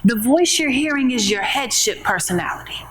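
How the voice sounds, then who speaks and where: A woman's voice: a little high, expressive, moderate pace, fairly bright tone, a little hiss or hum, poor audio. A woman giving a motivational keynote talk at a conference, speaking in an emphatic, conversational preaching style with rhetorical questions. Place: conference room with an audience.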